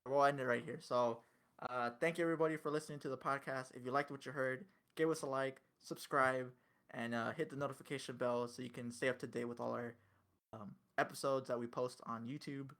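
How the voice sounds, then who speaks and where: A young man hosting a casual podcast, talking in an animated way with swearing and quick laughs. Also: medium pitch. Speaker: podcast host.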